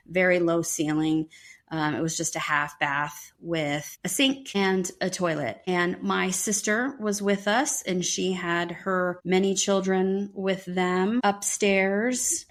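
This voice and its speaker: A middle-aged woman, a podcast co-host, telling a personal story in casual chat and acting out the voices of the people she quotes. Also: fairly low pitch. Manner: animated, acts out quoted voices.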